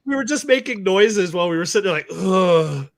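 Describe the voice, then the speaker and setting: Man, podcast co-host, animated, laughs easily, bright voice. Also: sits high, rapid-fire, dry recording, clean studio sound. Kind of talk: casual chat.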